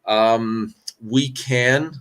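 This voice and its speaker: This man's medium-pitched voice is a bit bright, with fairly even intonation and drawn-out words. Hosting a battlefield history Q&A on a live stream, he rambles candidly, adds sarcastic asides, and keeps restarting, all from indoors while traveling on location.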